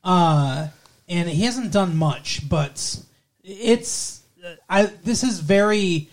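A young man with a notably high-pitched voice chats casually about a film. His talk rambles, full of fillers, false starts and self-corrections. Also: animated, slow. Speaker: podcast co-host reviewing a film. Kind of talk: casual conversation.

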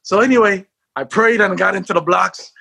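A man, a former sprinter, telling his life story in an interview, acting out quotes and shouting at the peaks. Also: high-pitched, fairly quick, gravelly, husky.

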